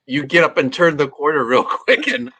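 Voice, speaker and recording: A man's voice: a little high, big pitch swings, moderate pace, vocal fry, sharp tone. A man hosting a casual podcast chat, laughing and teasing his friends. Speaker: podcast host.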